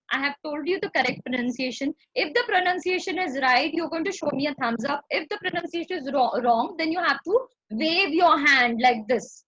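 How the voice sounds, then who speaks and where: A woman's voice: sits high, sharp tone, no echo, highs cut off. A woman with an Indian English accent teaching an online class, coaxing and drilling words by repeating them. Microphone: video call.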